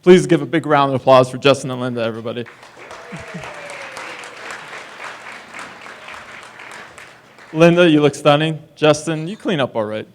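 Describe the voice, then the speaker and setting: A man's voice: a little high, lively intonation, slow, pauses often, some chatter behind, a little hiss or hum. A man giving a best man's wedding toast, teasing and wisecracking with the guests at a reception in a distillery. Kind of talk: joking wedding speech.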